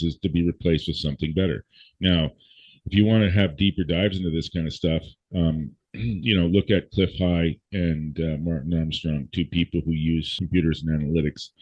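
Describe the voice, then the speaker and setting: Deep-voiced man ranting with profanity. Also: darkish tone, husky, no room sound. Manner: profane, emphatic, lecturing. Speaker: guest speaker. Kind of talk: blunt ranting conversation. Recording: dull, dry lo-fi audio.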